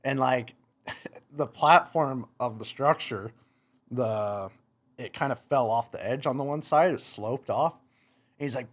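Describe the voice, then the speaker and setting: A young man, a podcast guest, telling stories in casual chat, animated, laughing and acting out what people said. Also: medium pitch, takes it slowly, long pauses. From United States. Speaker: podcast guest, motocross racer. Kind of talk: casual storytelling.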